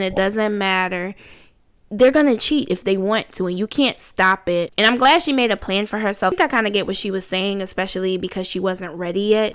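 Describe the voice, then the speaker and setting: A woman's voice: mid-range voice, a bit bright, clear, resonant tone, no room sound, clean studio sound. A woman hosting a reaction video, giving frank, opinionated casual commentary.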